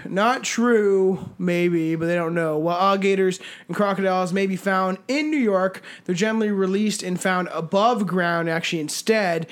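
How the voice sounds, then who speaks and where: A man co-hosting a podcast in casual chat, laughing often, swearing freely and reading trivia aloud. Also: high voice. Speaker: podcast co-host.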